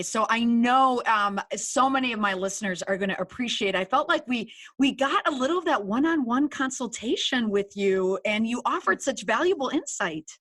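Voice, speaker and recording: A woman's voice: fairly high pitch, a bit bright. A woman hosting a podcast interview, chatting with enthusiastic, exclamatory reactions. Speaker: podcast host.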